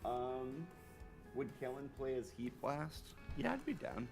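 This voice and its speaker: A man's voice: mid-range voice, a little slow, gravelly, music in the background. A man co-hosting a drawing livestream, chatting casually in a laid-back way and reading viewer questions aloud. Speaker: co-host of an art stream.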